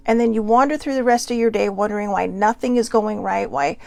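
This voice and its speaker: A woman's voice: mid-range voice, a little fast, creaky, darkish tone, no echo. A woman hosting a casual self-care pep talk, chatty and often checking in with "right?". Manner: chatty, keeps asking "right?". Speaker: host.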